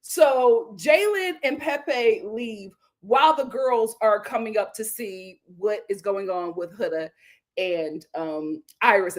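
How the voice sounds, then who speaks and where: An American woman hosting a reality show recap, telling it with dramatic flair and frequent laughter. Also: fairly high pitch. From United States. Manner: animated, dramatic storytelling with laughter. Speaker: host.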